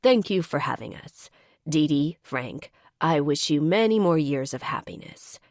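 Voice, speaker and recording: A woman's voice: low-pitched, animated, a little slow, darkish tone, no echo, studio quality. A woman voicing a flustered young man in an audiobook, clipped and urgent. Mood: hurried.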